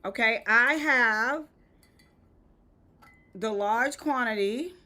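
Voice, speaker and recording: Woman, Southern US accent, host of a live craft demo; high, bright, patient and instructive. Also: extremely slow. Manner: step-by-step instructive, checks in with "okay?". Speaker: event decor host. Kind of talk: live-stream how-to demo.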